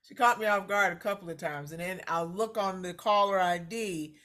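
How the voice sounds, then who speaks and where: A woman co-hosting a podcast, an animated storyteller who acts out what people said. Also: medium pitch, fairly quick. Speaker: podcast co-host. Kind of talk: casual chat.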